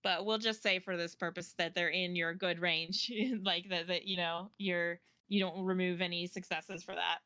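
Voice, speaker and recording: A woman's voice: on the low side, little pitch movement, moderate pace, hardly any pauses, pushed and bright, smooth, no room sound. A woman narrating a tabletop game as game master, casual and loose with fillers and restarts.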